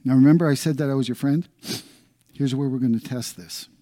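A middle-aged man preaching a sermon, swinging from loud emphatic lines down to hushed, almost whispered ones. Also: mid-range voice, a little fast. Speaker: pastor.

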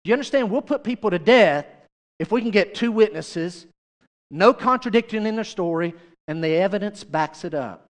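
A man's voice: high voice, animated, normal speed, long reverb tail. A male pastor preaching a sermon, chatty and direct, often turning to the congregation with questions.

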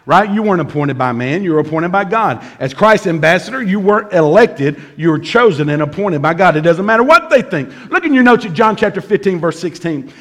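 A middle-aged man preaching a sermon, telling a comic story with animated shouts and laughs before moving into his teaching. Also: high-pitched, brisk, hardly any pauses. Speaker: pastor.

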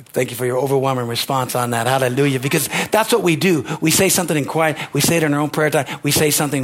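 A man's voice: medium pitch, steady tone, fast talker. A man preaching a sermon as pastor, repeating lines for emphasis and calling out amen and hallelujah. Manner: emphatic preaching with rising exclamations.

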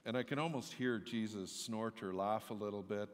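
A man's voice: on the low side, steady tone, a little fast, hardly any pauses, long reverb tail. A man preaching a sermon in a church, telling a story in a conversational way and rising into emphatic outbursts. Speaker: pastor.

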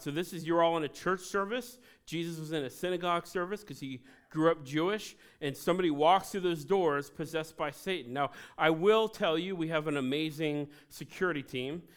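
A man's voice: on the high side, fairly bright tone. A man preaching a sermon at a church service, conversational and dropping joking asides to the congregation. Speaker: pastor.

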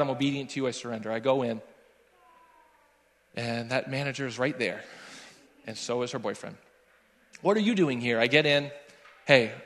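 Young male worship leader, storytelling sermon, voices the dialogue, long hall reverb. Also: medium pitch. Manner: animated storyteller acting out dialogue. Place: church sanctuary.

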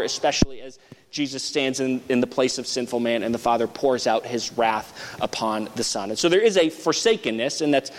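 A man's voice: medium pitch, big-room sound, low-quality recording. A man preaching an expository sermon, explaining step by step in a thoughtful way, with frequent restarts.

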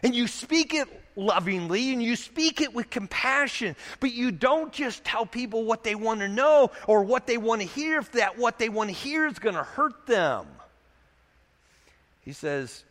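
A man with a high voice preaches, the sound trailing off in a long echo. He talks easily to the congregation and keeps asking rhetorical questions, keeping a sermon-like flow. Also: animated, unhurried, fairly bright tone. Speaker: pastor.

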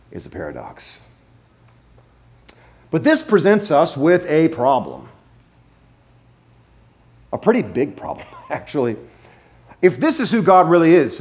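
Delivering a sermon in a medium-pitched voice, a male pastor leans on emphatic repetition of key phrases. His volume rises to loud proclamations, then drops to hushed asides.

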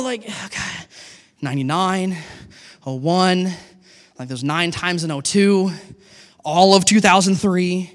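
Pastor, middle-aged man: high-pitched, lively sermon delivery, hall reverb. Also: a little slow, pauses often. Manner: animated, acts out dialogue with God.

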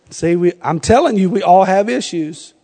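A man's voice: sits high, vocal fry, warm tone, in a large hall. A middle-aged man from North Carolina with a Southern accent, preaching a sermon with humorous stories and frequent laughter. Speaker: pastor.

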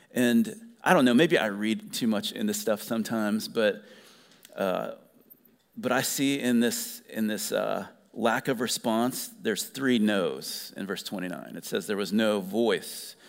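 A man preaching a sermon as a pastor, reading scripture with lively conversational asides. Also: fairly low pitch. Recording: long hall reverb.

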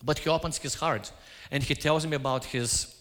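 A man's voice: on the high side, steady tone, moderate pace, a bit bright. A man giving a sermon, telling stories and acting out his own quoted lines. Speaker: preacher. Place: church. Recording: hall reverb.

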